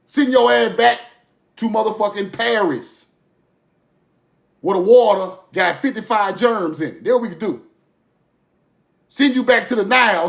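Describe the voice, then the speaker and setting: Fiery high-voiced man preaching hard. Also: vocal fry. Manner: forceful, repetitive, profane, swings from loud to low. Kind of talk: impassioned monologue to camera.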